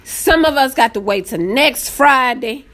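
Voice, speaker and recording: Woman, live-stream host, easily excited, swoops up and down in pitch. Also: a little slow. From Southern United States. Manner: excitable, greets viewers by name, voice jumps high when excited. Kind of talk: casual live-stream chat.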